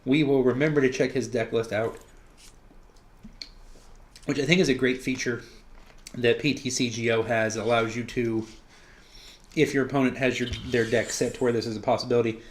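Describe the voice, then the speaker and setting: Male gameplay commentator, mid-range voice, relaxed and chatty, thinks out loud. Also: medium pitch, normal speed, pauses often, a little hiss or hum. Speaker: card game player commenting on his own match.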